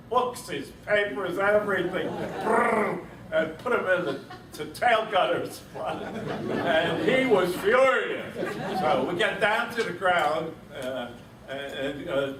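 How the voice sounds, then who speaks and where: Old veteran chuckling through a war story. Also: male voice, fairly high pitch, fairly bright tone. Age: 80s. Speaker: veteran speaker. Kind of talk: telling a war story to an audience. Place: reunion event room. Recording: roomy echo, distant mic, faint noise.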